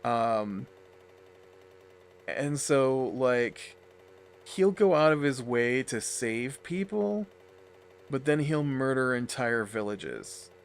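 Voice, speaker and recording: A man's voice: medium pitch, lively intonation, slow, pauses often. A man with a mid-range voice chats loosely over his gameplay, stringing thoughts together with plenty of ums and restarts. A faint hiss of background noise sits under his voice. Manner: rambling, filler-heavy, chatty. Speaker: let's play host. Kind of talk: casual gameplay commentary.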